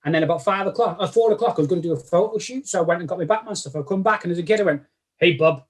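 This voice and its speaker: A man's voice: high voice, rapid-fire, slightly rough. A man with a Manchester accent, a guest chatting casually in an interview and often restarting his sentences. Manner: rambling, lots of restarts and self-corrections. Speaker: guest cosplayer.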